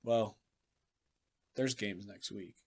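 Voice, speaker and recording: This sports podcast co-host has a lowish, husky voice with vocal fry and a slow delivery. Chatting casually, he rants bluntly and swears freely while arguing his point.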